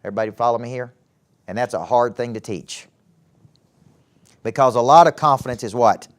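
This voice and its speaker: A middle-aged man with a Southern US accent leads a live motivational session for young people. He speaks at an ordinary mid pitch, with an animated delivery, and keeps turning to the audience with questions. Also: fairly quick. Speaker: motivational speaker and former coach. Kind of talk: live talk to a youth audience. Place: event hall with a live audience.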